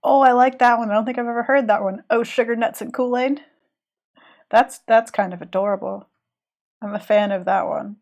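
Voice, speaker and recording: A woman's voice: mid-range voice, brisk. A woman with a Southern American accent, chatting casually and thinking aloud while she draws live on stream. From Southern United States. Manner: relaxed, thinking aloud, trailing off while concentrating. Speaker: streaming illustrator.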